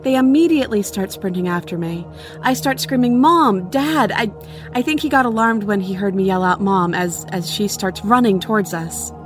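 A woman's voice: mid-range voice, a little fast, soft background music. A woman narrating a first-person true story in an earnest, conversational way. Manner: earnest, conversational retelling with small restarts.

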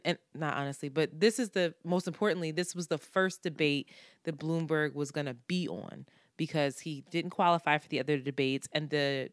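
A woman co-hosting a podcast, telling stories in an animated, joking way and laughing often. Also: deep voice, clean tone, no echo, clean studio sound. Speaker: podcast co-host. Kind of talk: casual chat.

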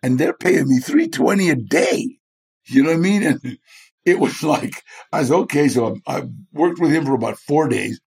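A man's voice: fairly high pitch, sing-song, moderate pace, vocal fry, a little mellow, husky. A man, a guest in an interview, telling stories animatedly, acting out the people he quotes and laughing often. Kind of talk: storytelling in a chat interview.

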